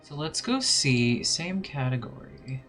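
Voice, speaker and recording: A man streaming a game live takes it slowly, his higher, slightly bright voice making big pitch swings. He chats in a casual, playful way and hums little fillers while deciding what to do; faint music plays in the background.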